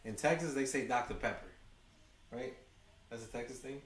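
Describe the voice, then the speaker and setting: A man's voice: medium pitch, normal speed. New york guy hyping up a ballgame for his stream chat, echoey room, mic kinda far off. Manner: chatty, excitable, talks to chat. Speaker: livestream host. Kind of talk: fan watch-along commentary.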